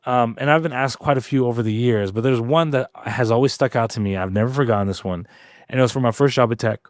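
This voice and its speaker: A man co-hosting a podcast, telling a story in a casual, animated way with lots of fillers. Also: mid-range voice, fast talker, dry recording, clean studio sound. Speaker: podcast co-host. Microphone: podcast studio mic.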